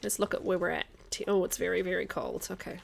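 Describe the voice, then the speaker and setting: A woman's voice: fairly low pitch, fairly even intonation, fast talker, creaky. A woman streaming a video game, chatting casually with her viewers, answering their comments and laughing often. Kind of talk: casual live-stream chat while playing.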